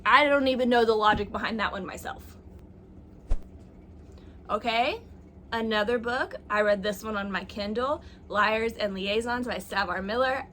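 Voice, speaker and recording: A young booktuber talks casually on camera about her reading, chatty and self-mocking with lots of likes and ums. Her voice is a little high, bright and forceful, with a slight hiss or hum in the recording.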